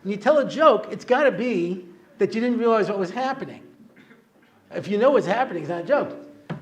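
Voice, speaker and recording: Man, middle-aged, rabbi, humorous lecture, high voice, laughs at his own jokes. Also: animated, fairly quick. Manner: joking storyteller, chuckles at his own jokes. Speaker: rabbi giving a talk. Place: lecture hall with a live audience.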